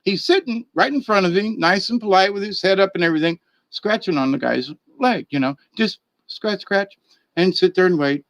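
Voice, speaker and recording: A man's voice: high-pitched, normal speed, a bit bright, no room sound. A man telling a story in a casual, rambling way, chuckling and repeating words as he goes. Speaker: vlogger.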